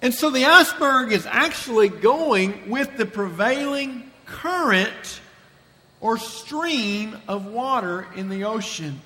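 Man, preacher, sermon, very high voice, slow emphatic phrasing, long reverb. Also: animated, sharp tone.

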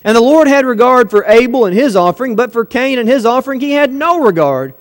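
A man with a high-pitched voice preaches a sermon in a church sanctuary, his words trailing into a long hall reverb. He keeps it conversational, tossing rhetorical questions at the congregation. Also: lively intonation, brisk. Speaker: pastor.

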